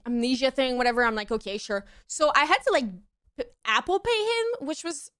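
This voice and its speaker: High-voiced woman streamer telling a story. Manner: animated, acts out quotes in high squeaky voices. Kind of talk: casual storytelling to chat.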